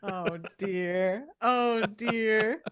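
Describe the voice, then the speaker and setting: A woman's voice: medium pitch, very slow, fairly bright tone, clean tone, no echo. A woman co-hosting a podcast, chatting casually and easily, often laughing. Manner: laughing, easygoing. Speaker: podcast co-host. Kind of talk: casual comedic chat.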